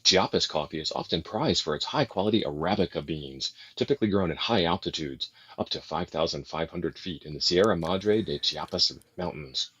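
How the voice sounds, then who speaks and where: A man with a low, deep voice co-hosts a casual live-stream chat and cracks jokes as he plugs products. The sound is dry and a little dull. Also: a little fast, hardly any pauses, fairly bright tone, husky, no room sound. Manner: joking, reads coffee promos. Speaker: co-host.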